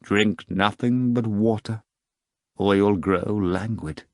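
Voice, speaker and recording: A man voicing a suave, commanding devil who speaks courteously and gravely. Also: lowish voice, takes it slowly, a little mellow, dry recording, studio quality. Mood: calm courtesy. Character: suave devilish male magician, calm and commanding.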